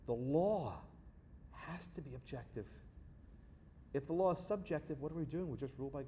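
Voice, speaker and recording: A man's voice: fairly high pitch, normal speed, a little hiss or hum. A man giving a lecture, telling a story with sarcasm and acting out the people he quotes. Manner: animated, sarcastic, acts out quoted voices. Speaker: guest lecturer. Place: lecture hall.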